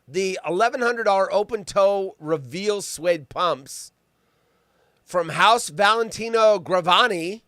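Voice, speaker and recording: A man hosting a live show, mocking news stories with loud outbursts and a teasing manner. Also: high voice, a little slow, dry recording, studio quality. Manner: mocking, animated, bursts into loud outcries. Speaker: host.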